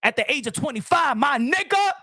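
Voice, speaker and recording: An extremely high-pitched man, animated and a little fast, runs a boxing live stream, his heated, loud rant thick with profane street slang and repeated lines for emphasis. The audio is clean studio quality without echo.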